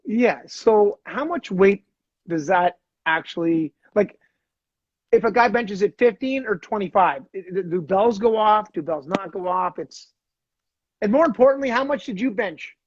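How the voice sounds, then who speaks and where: Podcast host from Canada, lively anecdote style, fairly high voice, dull dry audio. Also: male voice, measured pace, slightly rough, no room sound. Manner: animated storyteller, acts out quoted voices. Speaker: podcast host, former hockey player. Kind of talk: casual storytelling chat.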